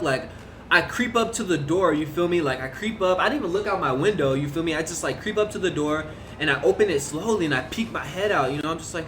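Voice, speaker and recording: A man's voice: fairly high pitch, lively intonation, quick pace, fairly bright tone, soft background music. A young man casually telling a long personal story, rambling with lots of fillers and swearing. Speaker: vlogger.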